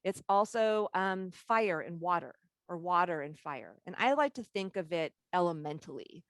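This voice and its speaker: A woman teaches a live leadership workshop, telling candid stories and laughing along the way. Her voice sits a little low for a woman. She speaks over a video call, and the sound is close and dry. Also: lively intonation, moderate pace, no room sound.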